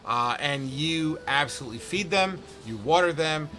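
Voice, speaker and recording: A man's voice: a little high, expressive, moderate pace, pushed and bright. Casual man running a tabletop game. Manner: casual, swearing, thinks aloud over numbers. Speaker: game master.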